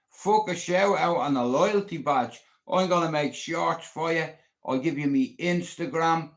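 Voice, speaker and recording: A middle-aged Irish man hosting a livestream, rambling bluntly and swearing constantly. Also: on the high side. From Ireland. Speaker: livestream host.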